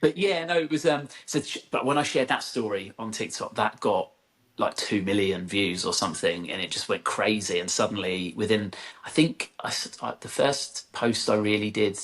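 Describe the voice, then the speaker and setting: A man's voice: fairly low pitch, normal speed, fairly bright tone. A young man, a guest on an interview podcast, telling stories in a chatty way with lots of fillers and restarts. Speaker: podcast guest, social media influencer. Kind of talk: casual interview chat.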